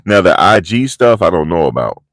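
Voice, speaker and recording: Deep, lively-voiced man hosting a livestream. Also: normal speed, no echo. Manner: animated, slangy storytelling, reading out chat comments. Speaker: livestream host. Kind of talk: casual livestream commentary.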